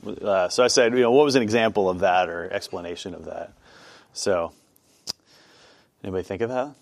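A man's voice: deep voice, fairly quick, vocal fry, dry recording. A man leading an informal Bible study class, chatty and self-deprecating, with many fillers.

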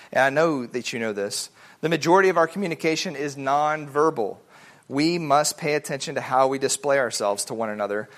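A man teaching a family Bible study in a casual, animated way, acting out the voices he quotes. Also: fairly high pitch.

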